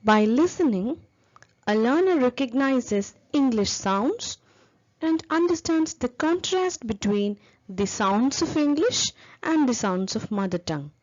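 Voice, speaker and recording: A woman's voice: fairly high pitch, expressive, a little slow, a little mellow, lo-fi sound. A woman giving a lecture on teaching English, explaining step by step and spelling out example words.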